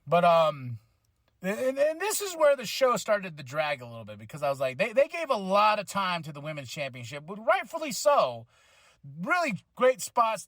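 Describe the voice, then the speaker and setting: A man hosting a podcast, rambling and excitable as he reviews a wrestling event, swearing freely and acting out his own reactions. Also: high voice, no room sound. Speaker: podcast host.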